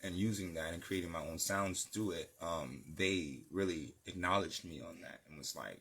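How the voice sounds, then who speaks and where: A man's voice: low-pitched, fairly quick, few pauses, fairly bright tone, breathy edge. A man from New City, a music producer chatting casually as an interview guest, laid-back and slangy with lots of fillers. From New York City.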